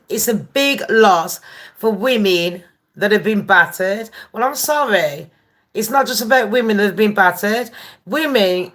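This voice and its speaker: A woman's voice: mid-range voice, fairly bright tone. A woman hosting a gossip live stream, chatting casually, swearing freely and greeting viewers by name. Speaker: gossip channel host.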